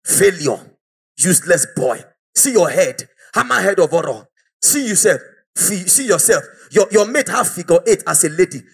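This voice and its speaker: A man's voice: sits high, sing-song, normal speed, creaky, breathy edge, voice pushed down, exaggerated voice. A male preacher voicing a scornful man who mocks and belittles a young person. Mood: mocking. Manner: mocking, contemptuous.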